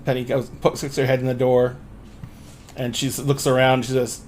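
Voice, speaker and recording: A man's voice: mid-range voice, little pitch movement, normal speed, a little mellow, a little hiss or hum. A man narrating as game master of a tabletop game, loose and full of fillers.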